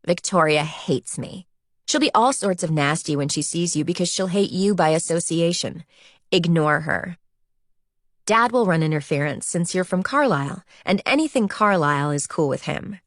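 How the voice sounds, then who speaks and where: A woman's voice: lowish voice, lively intonation, normal speed, dry recording, studio quality, natural voice. A woman reading an audiobook voices a wealthy, dismissive young college woman with a breezy, sardonic manner. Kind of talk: audiobook character voice.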